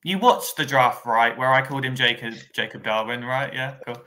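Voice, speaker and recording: A man's voice: medium pitch, moderate pace, bright, forceful tone. A man co-hosting a podcast, thinking aloud in casual conversational chat. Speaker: podcast co-host.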